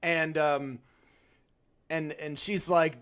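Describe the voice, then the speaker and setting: A man co-hosting a podcast, retelling a film in casual chat with animated, acted-out quotes. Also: a little high, moderate pace. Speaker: podcast co-host.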